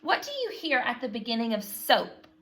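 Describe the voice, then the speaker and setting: A woman teaching a phonics lesson to young children, patient and slow, prompting them to repeat sounds after her. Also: a little high, wildly swooping pitch, fairly bright tone.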